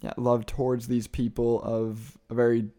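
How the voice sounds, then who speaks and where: A man's voice: mid-range voice, completely flat delivery, normal speed, mellow. A young man answering interview questions about his missionary service, speaking thoughtfully and searching for words.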